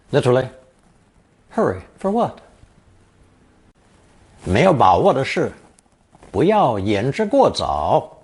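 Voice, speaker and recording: A man teaching a recorded language lesson, explaining example phrases slowly and carefully. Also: medium pitch, husky. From lives in Taiwan.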